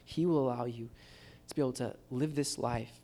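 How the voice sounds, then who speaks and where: A man's voice: mid-range voice, steady tone, normal speed, mellow. A man preaching a casual, encouraging sermon at a church gathering. He speaks informally and keeps calling his listeners "guys.". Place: church gathering with live guitar. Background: faint guitar.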